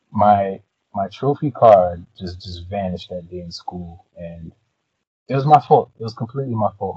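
A man's voice: low voice, warm tone, slightly rough, no echo, lo-fi sound. A man co-hosting a casual podcast, telling a story in a laid-back way with dramatic flourishes. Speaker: podcast co-host. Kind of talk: casual chat.

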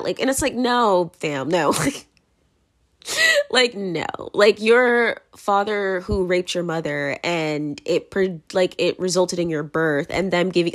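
Young woman rambling on her podcast, tons of likes and anyways, laughs a lot, normal mid voice. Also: medium pitch. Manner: rambling, filler-heavy, laughs often. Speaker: podcast host. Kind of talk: casual podcast monologue.

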